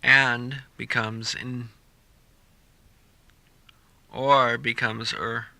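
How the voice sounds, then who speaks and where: Male pronunciation tutor, unhurried and deliberate, with a sharp, bright tone. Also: medium pitch, little pitch movement, creaky, dry recording. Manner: slow, deliberate reading of example sentences for repetition. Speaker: English pronunciation teacher. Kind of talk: scripted listening-practice narration.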